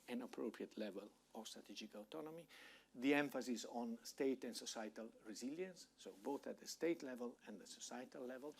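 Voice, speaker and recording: A man giving a public lecture on policy as a guest speaker, measured and thoughtful, with frequent fillers and restarts. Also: medium pitch, breathy edge. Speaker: guest speaker, think-tank director.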